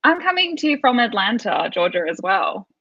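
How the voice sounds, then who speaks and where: A woman's voice: mid-range voice, very animated, moderate pace, sharp tone, no room sound. A young Australian woman chatting as a guest on a video call interview, telling a rambling story. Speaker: guest actor. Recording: dull lo-fi video call audio.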